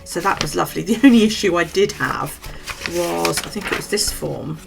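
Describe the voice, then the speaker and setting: A woman's voice: fairly low pitch, animated, moderate pace, creaky, over music. A middle-aged British woman vlogging, telling a gossipy story in casual, chatty talk and swearing freely. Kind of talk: casual chat to camera.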